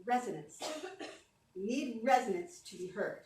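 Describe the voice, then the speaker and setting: On a conference hall stage, a woman voice coach gives an upbeat, encouraging presentation and guides the audience through breathing exercises. Her voice is medium-pitched and darkish, at a moderate pace. The recording sounds distant and roomy, with faint ambience.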